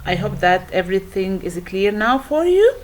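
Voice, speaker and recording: A woman teacher walking students through a worksheet, explaining slowly and carefully with frequent pauses and restarts. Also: mid-range voice, big pitch swings. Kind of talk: worksheet walkthrough lesson.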